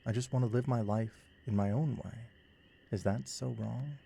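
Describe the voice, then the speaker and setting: Man reading a gentle humble wild man. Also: mid-range voice, fairly even intonation, normal speed, vocal fry, breathy edge. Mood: earnest.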